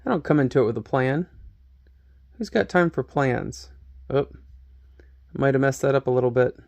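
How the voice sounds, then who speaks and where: A man's voice: medium pitch, moderate pace, gravelly, darkish tone. A man hosting a laid-back painting tutorial, chatting and joking about himself as he thinks aloud close to the camera microphone. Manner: chatty, self-mocking, thinks aloud while working. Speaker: hobby painting channel host. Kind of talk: relaxed painting tutorial talk. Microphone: camera microphone close to his face.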